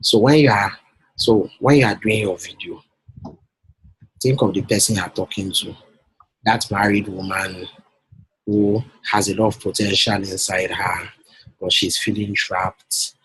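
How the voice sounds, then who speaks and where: Husky, persuasive man coaching. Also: fairly low pitch, steady tone, measured pace, long pauses, a bit bright, no echo, low-quality recording. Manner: persuasive, repeats himself, checks for understanding. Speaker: business coach. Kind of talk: one-on-one coaching call.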